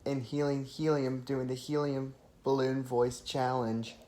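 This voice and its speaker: A woman speaking requests to a voice assistant in halting, pausing commands. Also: very deep voice, flat delivery, dark tone, a little hiss or hum. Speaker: user asking a voice assistant. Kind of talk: spoken requests.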